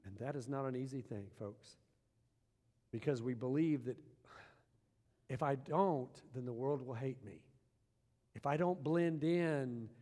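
A man's voice: mid-range voice, measured pace, pauses often, dark tone. A man preaching a sermon with emphasis, often posing rhetorical questions to his congregation. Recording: long hall reverb.

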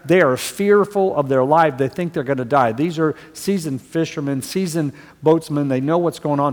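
Man preaching in an echoing hall. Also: medium pitch. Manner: earnest, rising to emphatic stresses. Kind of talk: sermon.

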